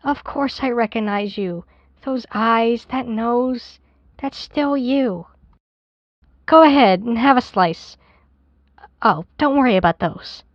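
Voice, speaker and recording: A woman's voice: a little high, takes it slowly, long pauses, dry recording. A woman voicing a grieving mother of a missing daughter, doting and pleading by turns, on a dry, dull lo-fi clip. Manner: doting, then frantic and pleading.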